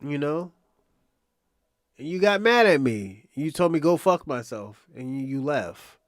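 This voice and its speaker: High-pitched man ranting on a stream. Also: very animated, unhurried, no room sound, studio quality. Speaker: livestream host. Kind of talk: casual livestream commentary addressing chat.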